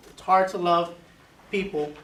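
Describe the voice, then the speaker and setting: A high-pitched man leads a Bible class, hammering his points home by repeating key words. His voice is caught from across an echoey classroom, with a faint hiss behind it. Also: steady tone, a little slow, a bit bright, recorded from a distance.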